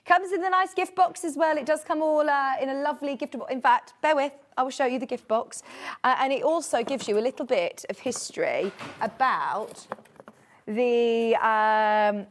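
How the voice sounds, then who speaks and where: A woman's voice: high voice, normal speed. A British woman in her thirties presenting a live home shopping show, keeping up a bubbly, chatty sales patter. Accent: British English.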